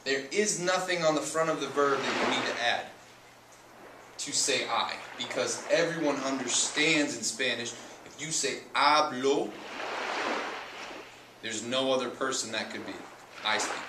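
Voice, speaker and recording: A male teacher walks through a lesson patiently, repeating words and spelling out their endings. His voice sits at an ordinary pitch but sounds roomy and set back from the mic. Steady noise runs under it. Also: measured pace, recorded from a distance. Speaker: Spanish teacher. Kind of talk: explanatory lesson. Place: outdoors at a beach.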